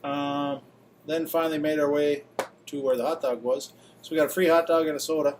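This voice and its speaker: A man vlogging at a baseball stadium in a loose, joking way. His voice sits a little high, and he often lets sentences trail off into mumbles. Faint ambient noise hums behind him. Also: steady tone, brisk, a little mellow. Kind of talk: casual travel vlog chat.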